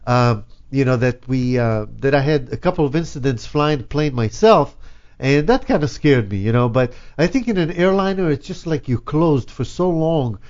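A man's voice: medium pitch, expressive, moderate pace, darkish tone. Agreeable male host, muffled audio. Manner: agreeable, rambling with fillers. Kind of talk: casual interview chat.

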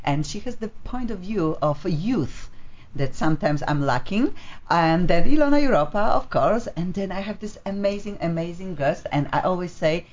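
A woman's voice: on the low side, animated, a little mellow. Chatty woman hosting. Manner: chatty, playful, with halting restarts. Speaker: host. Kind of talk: live talk show hosting. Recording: dull lo-fi sound.

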